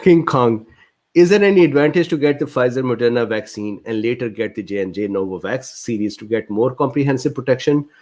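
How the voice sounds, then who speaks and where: A man hosting a livestreamed medical Q&A, reading viewer questions aloud and answering them. His voice sits at a medium pitch, and an indignant, exasperated edge runs through his explanations. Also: lively intonation, brisk, a little mellow. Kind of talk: livestreamed Q&A lecture.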